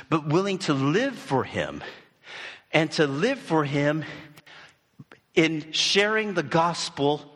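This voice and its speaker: A man's voice: fairly high pitch, a bit bright, slightly rough. A man giving a sermon in a church hall, speaking emphatically and repeating key phrases.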